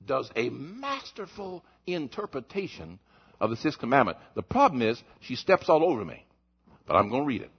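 A man preaching a sermon as pastor, swinging between shouted points and low, quiet asides. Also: husky. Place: church. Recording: muffled lo-fi recording.

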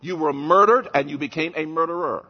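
A man preaching a sermon as pastor, swinging between shouted points and low, quiet asides. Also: brisk. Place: church. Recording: muffled lo-fi recording.

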